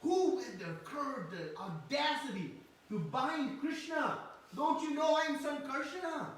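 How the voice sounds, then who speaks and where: A man's voice: extremely high pitch, level tone, normal speed, a bit bright, a little hiss or hum, voice pushed up. A man voicing a fiery, boastful boy who rants and scolds his little brother, in an echoey room from far off. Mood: furious. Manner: furious, boastful ranting.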